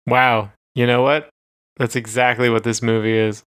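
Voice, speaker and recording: A podcast co-host with a mid-range, fairly bright, smooth voice chats casually at a moderate pace in a level tone. He tells stories in a rambling, hesitant way full of fillers, and the recording is dry and studio quality.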